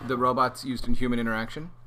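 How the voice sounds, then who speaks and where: A man co-hosting a casual show, goofy and teasing with drawn-out reactions. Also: medium pitch, level tone, bright, forceful tone. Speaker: co-host. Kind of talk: casual chat.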